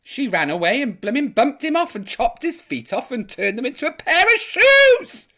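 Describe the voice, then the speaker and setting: A woman's voice: high-pitched, big pitch swings, moderate pace, a bit bright. A woman hosting a live online chat show, camp, theatrical and gossipy in her comic banter.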